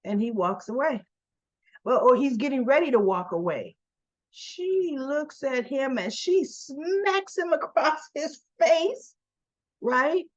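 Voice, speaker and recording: A woman's voice: sits high, animated, slow, muffled recording. A woman chattily retelling a soap opera episode, acting out what the characters say in a casual recap. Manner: chatty, retells scenes and acts out the characters' lines.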